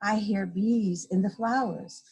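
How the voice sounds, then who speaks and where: Husky, slow woman reading a storybook. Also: mid-range voice, faint music behind. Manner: slow, expressive read-aloud with animal sound effects. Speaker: guest story reader. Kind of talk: reading a children's picture book aloud. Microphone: video call.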